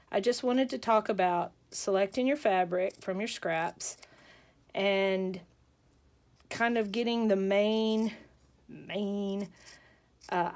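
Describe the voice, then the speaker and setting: A woman's voice: medium pitch, a little mellow. A woman hosting a casual crafting tutorial, chatty and rambling, with asides and jokes.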